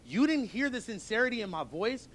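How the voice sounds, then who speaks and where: A man's voice: very high-pitched, big pitch swings, a little fast, fairly bright tone. A man who co-hosts a show, confronting his longtime partner in a heated, profane, accusing argument.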